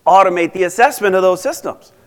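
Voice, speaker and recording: A man's voice: high-pitched, animated, fast talker. A man voicing a lost young girl who is puzzled and chatty, in an echoing hall. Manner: incredulous, chatty. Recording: reverberant conference hall.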